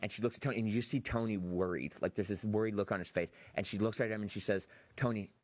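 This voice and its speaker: A man on a podcast excitedly walks through a film scene by scene, jumping into the characters' lines as he goes. His voice sits low and he talks at a rapid clip. The sound is dry and close, with no room around it. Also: dry recording. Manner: animated retelling, acts out quotes. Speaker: podcast host. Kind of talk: excited movie review chat.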